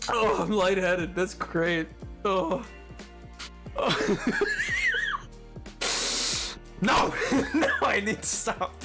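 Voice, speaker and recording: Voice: mid-range voice, expressive, takes it slowly, over loud music. A game streamer chatting live with viewers, giggling and breaking into laughing fits between lines. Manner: talking to chat.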